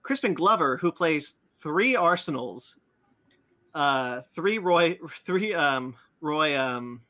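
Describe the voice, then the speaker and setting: Casting: bright-toned man, podcast host, loose rambling delivery full of "um"s. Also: fairly high pitch, lively intonation, slow pace. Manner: rambling, many fillers and restarts. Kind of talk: casual chat about comics and cartoons.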